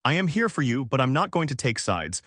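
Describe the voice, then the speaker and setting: A man's voice: medium pitch, big pitch swings, fairly quick, fairly bright tone, no echo, studio quality. A man voicing a firm, placating middle-aged mother who refuses to take sides. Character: stern, even-handed middle-aged mother.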